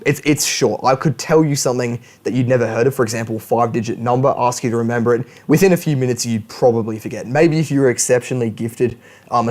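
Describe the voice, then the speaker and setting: A man's voice: medium pitch, a little mellow. A young man giving a casual spoken lesson on study habits, chatty and self-correcting, with joking asides. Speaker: language learning YouTuber. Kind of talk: casual educational monologue.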